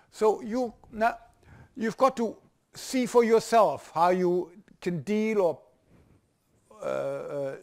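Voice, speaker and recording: A man's voice: fairly high pitch, darkish tone. An older man with a German accent giving a university lecture, hesitant, with many restarts and fillers.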